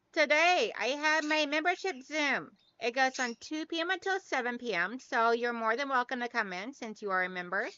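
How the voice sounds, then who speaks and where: A woman's voice: a little high, bright, forceful tone, clean tone, no echo, muffled recording. A woman hosting a casual live stream, reading out viewer comments and answering in a friendly, chatty way. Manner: friendly, calls viewers girl.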